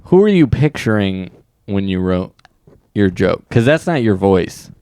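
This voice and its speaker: A man with a lowish voice, co-hosting a comedy podcast. He teases his friend and picks apart the wording of his jokes. The recording is dry and close. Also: sing-song, unhurried, mellow, clear, resonant tone, no echo. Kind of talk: casual comedy podcast banter.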